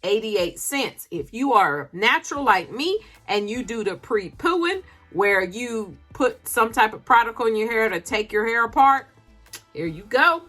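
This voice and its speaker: Chatty woman with a bright, lively voice. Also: fairly high pitch, a little slow, hardly any pauses, faint music behind. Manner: chatty, laughs often, calls viewers honey and y'all. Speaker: couponing vlogger. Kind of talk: casual haul chat. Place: home, recording late at night.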